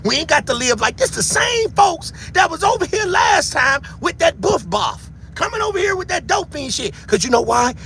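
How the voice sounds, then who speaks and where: A man giving heated livestream commentary who shouts, taunts his viewers and keeps repeating a catchphrase. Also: very high-pitched, very animated, moderate pace, creaky, few pauses, a little hiss or hum.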